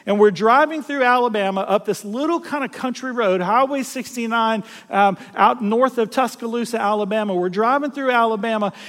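Man, pastor, very high voice, folksy storytelling sermon, long hall reverb. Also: moderate pace, hardly any pauses. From South Louisiana. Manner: folksy, animated storyteller who acts out voices and laughs at himself.

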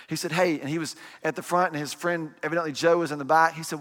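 A man in his forties preaching a sermon, telling stories with lively energy and asking the congregation rhetorical questions. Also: fairly high pitch, racing, few pauses, in a large hall. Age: 40s. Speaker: pastor.

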